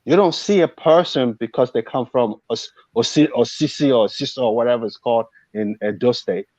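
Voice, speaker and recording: A man's voice: medium pitch, a little fast, darkish tone, dry recording, lo-fi sound. A Nigerian man hosting a live talk show, speaking in an impassioned, preachy way. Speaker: show host.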